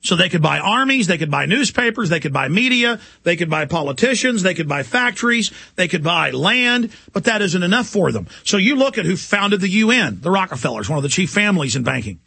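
A man's voice: sits high, very animated, a little fast, creaky, few pauses, sharp tone, husky, no room sound. A man delivering an impassioned, indignant talk radio monologue as the show's host.

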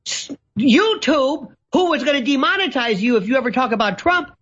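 A man's voice: extremely high pitch, lively intonation, moderate pace, fairly bright tone. A man speaking as a guest commentator, theatrical and sarcastic, with an ornate vocabulary and mocking put-on voices. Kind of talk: ranting talk-show commentary. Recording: dull lo-fi audio.

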